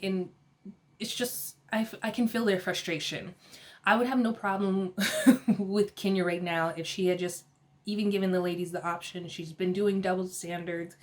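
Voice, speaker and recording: Chatty woman recapping reality TV. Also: medium pitch. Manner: chatty, animated retelling with frequent laughs and quoted voices. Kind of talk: casual recap commentary.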